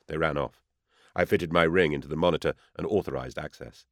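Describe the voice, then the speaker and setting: A man with a very deep voice narrates an audiobook in the first person, measured and tense. The sound is dry and close, with no room around it. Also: no room sound.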